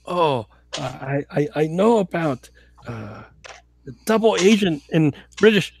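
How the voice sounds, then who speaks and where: A man's voice: a little high, expressive, gravelly, a little mellow, breathy edge, heavily acted. A man doing a stammering drunk defector. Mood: drunk, rambling. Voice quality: halting broken English, stammering. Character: drunk male Russian defector, nervous, blabbering.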